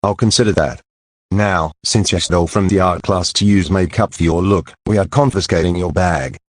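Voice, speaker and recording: Brief: computer man as a stern cartoon principal, low and husky, dry sound. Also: normal speed, no room sound. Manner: stern, scolding. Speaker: school principal. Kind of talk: text-to-speech cartoon dialogue.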